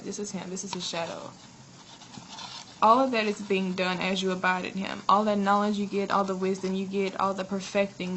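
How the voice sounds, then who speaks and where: A woman's voice: medium pitch, vocal fry, fairly bright tone, slight background noise, poor audio. A woman sharing a spiritual testimony in a chatty, earnest way, often laughing as she retells it. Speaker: prophetess sharing a vision.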